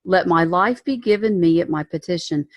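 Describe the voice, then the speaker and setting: A woman's voice: lowish voice, normal speed, no echo. A woman giving a casual Bible lesson, retelling the story in a chatty way with slang and frequent self-corrections. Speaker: Bible teacher.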